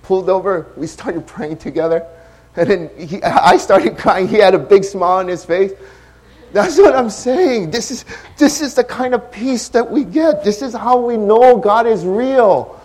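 A man preaching a sermon as pastor, impassioned, shifting between hushed and loud delivery. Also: high voice, measured pace.

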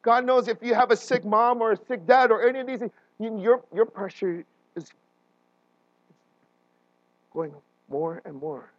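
Male pastor, higher voice, animated sermon delivery with restarts, lo-fi recording. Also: measured pace, long pauses, dry recording. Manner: animated, often checks in with listeners with "right?"; frequent restarts and fillers.

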